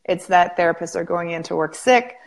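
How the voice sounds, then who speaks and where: A woman hosting an interview, telling stories in an animated way and often saying "like". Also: fairly low pitch, fairly quick, vocal fry. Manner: animated storyteller, frequent "like". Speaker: interview host, practice coach. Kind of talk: casual interview chat.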